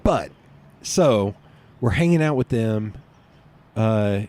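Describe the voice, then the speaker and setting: A man's voice: lowish voice, expressive, slow pace, mellow. Rambling Southern man telling stories. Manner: rambling, laughs often. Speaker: podcast guest. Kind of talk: casual storytelling chat.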